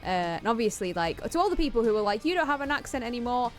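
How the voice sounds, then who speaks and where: A woman's voice: a little high, very animated, racing, soft background music. A young woman with a light Yorkshire accent, chatting casually and laughing often as co-host while a game plays. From Yorkshire, England. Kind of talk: casual chat over gameplay.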